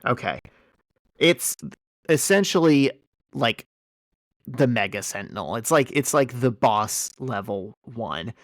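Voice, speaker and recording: A man hosting a casual podcast chat, retelling a story with lively energy and plenty of fillers. His voice sits at an ordinary middle pitch. It is recorded close and dry, with no room sound. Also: slow pace, pauses often, dry recording. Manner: animated storytelling with many fillers. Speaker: podcast host. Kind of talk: casual chat recapping a comic.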